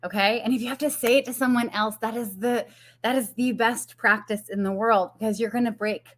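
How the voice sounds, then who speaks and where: A woman's voice: fairly high pitch, steady tone, fairly quick, fairly bright tone. A woman business coach giving a casual live-streamed talk, chatty with fillers and frequent laughs.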